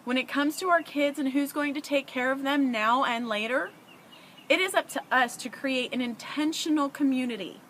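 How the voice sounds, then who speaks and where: Middle-aged mom vlogger, high bright voice, earnest and a bit emotional, faint noise behind. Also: female voice, moderate pace. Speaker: parent vlogger. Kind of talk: heartfelt advice to camera.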